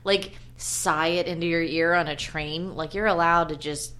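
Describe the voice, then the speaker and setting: A woman's voice: low-pitched, moderate pace. A woman chatting casually about a film with friends, acting out the characters' lines as she goes. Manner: animated, acts out characters' lines. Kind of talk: casual movie review chat.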